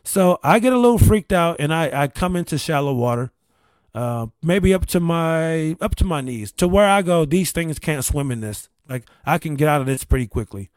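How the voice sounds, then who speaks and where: A man's voice: a little high, animated, normal speed, clear, resonant tone, dry recording. A man casually telling a long personal story, rambling with restarts, repeated words and casual swearing. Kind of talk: casual anecdote.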